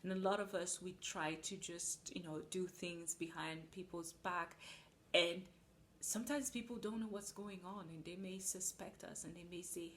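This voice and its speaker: A woman's voice: fairly low pitch, fairly even intonation, moderate pace, a bit bright, slight background noise. A woman preaching a sermon, earnest and emphatic, acting out little asides.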